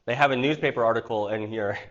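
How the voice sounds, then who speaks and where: A man's voice: mid-range voice, fast, lo-fi sound. Chatty man hosting an online cooking class. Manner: chatty, rambling storyteller. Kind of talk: casual livestream class chat.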